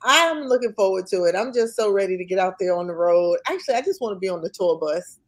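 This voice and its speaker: A woman's voice: medium pitch, animated, fast. A middle-aged woman, a singer, talking as a guest in a casual chat, joking about herself in slangy everyday speech and laughing often.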